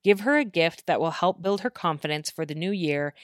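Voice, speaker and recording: Woman host, low voice, close dry mic, easy conversational read. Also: lively intonation, a little fast, dry recording. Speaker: podcast host. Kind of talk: casual podcast conversation.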